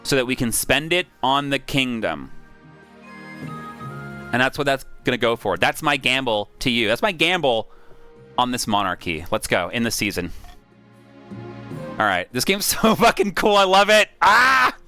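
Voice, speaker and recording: An excitable male streamer with a bright, forceful voice, thinking aloud as he plays and reads out the story. He talks casually and swears freely, with faint background music. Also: medium pitch, moderate pace, long pauses. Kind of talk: live-streamed game play with narration.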